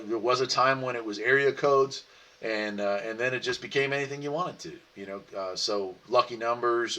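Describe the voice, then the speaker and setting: Male host, easygoing and chatty, answers viewer comments; mid-range voice, recorded a little distant. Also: medium pitch. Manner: relaxed, rambling, laughs often. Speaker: livestream host. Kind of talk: casual chat reading viewer comments.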